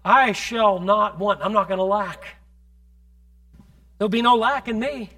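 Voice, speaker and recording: A man preaching a sermon to a congregation, moving from conversational asides to fervent, shouted exhortation and calling on the listeners directly. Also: high voice, unhurried.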